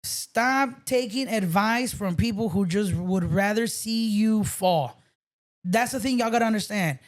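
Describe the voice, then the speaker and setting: A man's voice: high voice, a little slow. Loose-talking man telling stories. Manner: loose, swearing storyteller, mixes in Spanish. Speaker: podcast guest, DJ. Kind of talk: casual chat.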